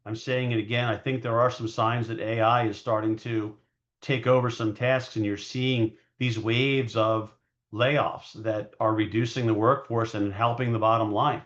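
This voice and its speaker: A man's voice: mid-range voice, fairly bright tone. A male market analyst talks loosely through his charts in an everyday mid-range voice. He rambles and hedges, catches himself mid-sentence and restarts with plenty of fillers. The recording sounds a little dull and lo-fi. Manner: rambling, hedging, frequent fillers and self-corrections. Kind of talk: casual market commentary over charts.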